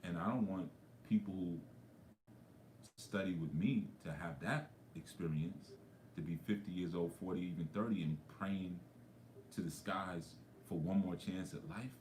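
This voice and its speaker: A low-pitched man tells stories to his livestream viewers. He speaks conversationally and keeps dropping in frequent asides. His voice echoes around a roomy space, with faint ambience underneath. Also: a little slow, a little mellow, a little hiss or hum. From New York. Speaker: spiritual coach. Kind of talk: livestream talk.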